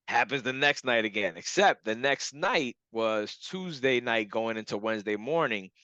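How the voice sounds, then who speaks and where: A young man recounts a strange personal experience in a relaxed, animated way, laughing and acting out what others said. His voice is bright and forceful. The recording is dry and a bit dull, with a lo-fi feel. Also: mid-range voice, moderate pace, few pauses, dry recording. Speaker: hypnotherapy client. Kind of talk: casual storytelling testimonial.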